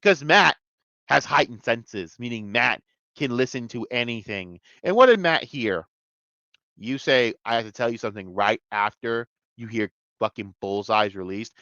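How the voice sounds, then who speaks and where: A man giving an excitable, profane review of a TV episode, jumping between near-shouts and mutters. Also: mid-range voice, measured pace, no echo, dull audio. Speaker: TV show reviewer. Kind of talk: casual video review rant.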